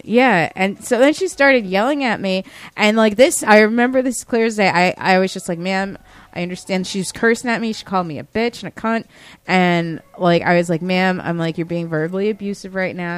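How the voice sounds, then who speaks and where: A woman's voice: moderate pace, clean tone. A woman in her thirties, a former store manager, telling a workplace story in casual chat and acting out the customer. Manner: animated retelling, acts out the customer in a higher voice.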